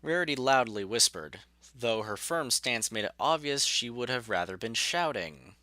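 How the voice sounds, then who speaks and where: Bright-toned male storyteller. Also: medium pitch, lively intonation, moderate pace, no room sound. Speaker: narrator. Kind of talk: storybook narration.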